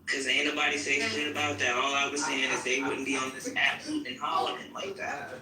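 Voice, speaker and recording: A man's voice: medium pitch, fairly even intonation, a little fast, sharp tone, echoey room, recorded from a distance, soft background music, low-quality recording. A man moderating an audio chat room, talking bluntly in slang and with profanity during a heated argument.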